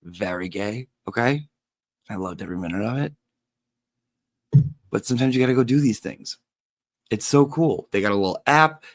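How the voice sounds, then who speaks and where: A man's voice: medium pitch, no echo. A man in a comedic teacher persona, telling chatty, gossipy stories in a theatrical way and swearing casually. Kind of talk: gossipy livestream monologue.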